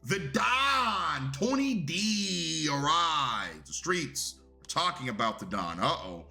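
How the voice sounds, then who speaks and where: A man's voice: fairly high pitch, sing-song, slow pace, gravelly, pushed and bright, faint music behind. A young man giving a casual, rambling and profane review of a wrestling show.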